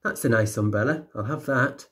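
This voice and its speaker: A man's voice: mid-range voice, moderate pace, fairly bright tone, natural voice. A man reading as a sly woman burglar. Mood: plain.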